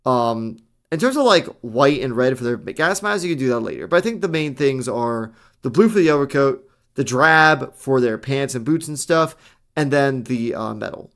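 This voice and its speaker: Young man, co-host, casual chat, eager and slangy, middle pitch. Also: expressive, normal speed, fairly bright tone. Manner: enthusiastic, chatty, slangy. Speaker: podcast co-host.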